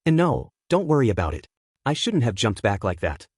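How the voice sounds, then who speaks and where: A man's voice: medium pitch, big pitch swings, brisk, a little mellow, no echo, clean studio sound. A man voicing an anxious teenage boy villain who is hurt and doubts himself, in a wavering, emotional delivery.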